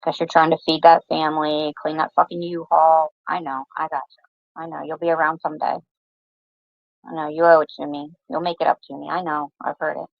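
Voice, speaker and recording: A gravelly woman with a fairly low voice hosts a casual livestream chat, teasing and talking straight to her viewers. The audio is dry and dull, like lo-fi stream sound. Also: level tone, brisk, no room sound. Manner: chatty and teasing, talks to chat. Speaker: livestream host.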